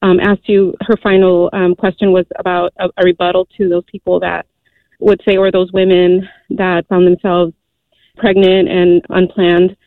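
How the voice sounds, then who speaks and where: A woman in her forties calling in to a radio show, telling a personal story earnestly, with many halting fillers. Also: lowish voice, little pitch movement, dry recording. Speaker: caller. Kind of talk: call-in radio testimony. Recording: tinny phone line.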